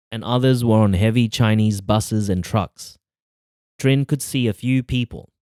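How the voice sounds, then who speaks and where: A man reading a novel aloud as an audiobook narrator in measured, even storytelling. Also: fairly low pitch, clean tone, no room sound, clean studio sound. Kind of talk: scripted narration.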